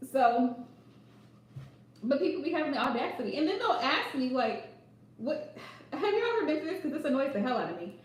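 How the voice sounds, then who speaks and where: A woman tarot reader chatting casually on a livestream, sarcastic and laughing often. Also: high voice. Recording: echoey room, distant mic.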